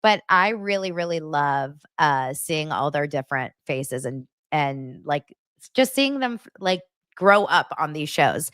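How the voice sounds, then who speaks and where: A woman's voice: deep voice, animated, a little slow, fairly bright tone, dry recording, studio quality. Gushing chatty woman host. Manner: chatty and gushing, full of fillers and asides. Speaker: host of a pop-culture livestream show. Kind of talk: casual chat to a live audience.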